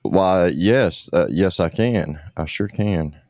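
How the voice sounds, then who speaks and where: A man's voice: low voice, slow, a little mellow, no room sound, studio quality. Blunt, profane man ranting on a stream. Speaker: livestream host. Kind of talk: ranting casual livestream.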